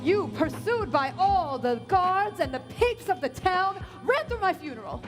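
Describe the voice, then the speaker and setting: Picture a high, haughty ghost of a noblewoman, as a woman puts her on for a live tabletop game, scolding in a grand, theatrical way. Music plays clearly behind her, and the sound comes from a live stage. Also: expressive, unhurried. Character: haughty aristocratic female ghost, indignant. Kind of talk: live improvised tabletop role-play.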